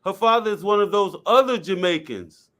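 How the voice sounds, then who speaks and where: A man's voice: high voice, moderate pace, fairly bright tone. A man talking casually and bluntly, explaining his view at length with repeated points and slang. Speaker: guest speaker. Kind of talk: casual discussion.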